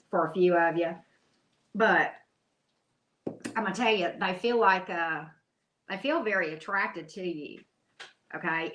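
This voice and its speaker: Chatty, bright-voiced tarot reader woman. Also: on the low side, roomy sound, poor audio. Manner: chatty, blunt and teasing, calls listeners love and baby. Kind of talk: casual tarot reading for viewers.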